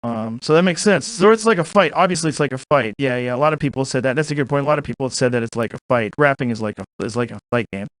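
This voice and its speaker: Rambling young man, fast banter over beat. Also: mid-range voice, no echo. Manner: rambling, self-agreeing banter in two voices. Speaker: comedian doing a parody podcast. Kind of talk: improvised comic podcast and freestyle rap. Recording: loud hip hop beat behind.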